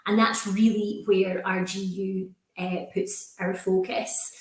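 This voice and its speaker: A woman's voice: medium pitch, a little slow, few pauses, roomy sound, poor audio. A woman with a Scottish accent, a university recruitment manager, presenting in a friendly, reassuring way in a webinar.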